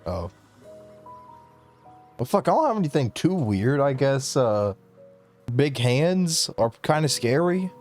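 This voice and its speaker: Relaxed male co-host, rambling and profane, lively intonation. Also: mid-range voice, slow, pauses often, faint music behind. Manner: laid-back, swearing, rambling. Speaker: podcast co-host. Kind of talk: casual chat.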